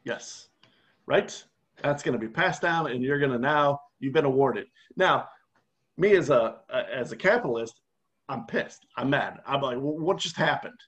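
A man co-hosting a podcast, telling a step-by-step scenario in a casual, animated way. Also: mid-range voice, unhurried. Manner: animated storyteller, walks through a game scenario step by step. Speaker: podcast co-host. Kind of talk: casual conversational explaining.

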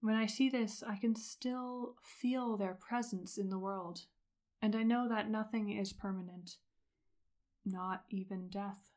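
A woman reading aloud, voicing a gentle, earnest young male monk who speaks slowly and thoughtfully. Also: mid-range voice, steady tone, lightly acted. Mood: reflective.

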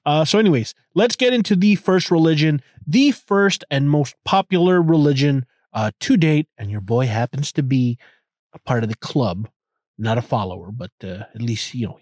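Podcast host, young man, mid-pitched, talks from his car, loose and joking, lots of restarts. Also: big pitch swings, moderate pace, a little mellow, dry recording, clean studio sound. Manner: rambling, irreverent, joking, many restarts. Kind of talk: casual solo podcast monologue. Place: inside a car.

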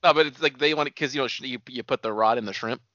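On a dull, dry, lo-fi recording, a man co-hosts a podcast full of casual, crude banter. He speaks very fast in a sharp, medium-pitched voice, rambling eagerly and laughing easily.

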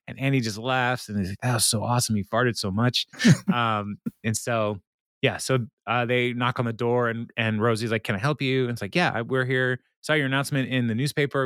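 A man's voice: mid-range voice, fairly bright tone, no room sound, clean studio sound. A man co-hosting a podcast, rambling through an episode recap with many fillers and frequent laughs. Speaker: podcast co-host.

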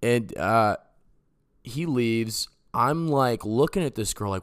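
A man's voice: mid-range voice, takes it slowly, no echo, studio quality. Man in his twenties telling a story. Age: 20s. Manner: rambling and animated, heavy on "like" and "you know". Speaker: podcast host. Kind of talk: casual storytelling.

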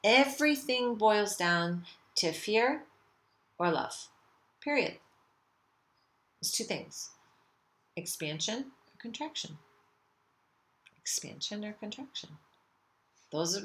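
A woman's voice: medium pitch, expressive, slow, long pauses, fairly bright tone. A middle-aged woman hosting a spiritual self-help podcast, rambling casually, swearing now and then and acting out the voices in her head. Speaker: podcast host.

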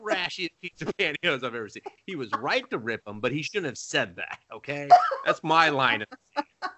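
A man co-hosting a casual podcast chat, talking in an animated way with lots of swearing and mocking put-on quotes. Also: fairly high pitch, a little fast, very noisy. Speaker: podcast co-host.

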